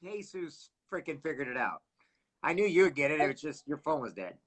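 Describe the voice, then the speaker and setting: A man's voice: a little high, sing-song, a little fast, a bit bright. A middle-aged man hosting a casual livestream, rambling and chatty, often losing his train of thought. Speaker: livestream host.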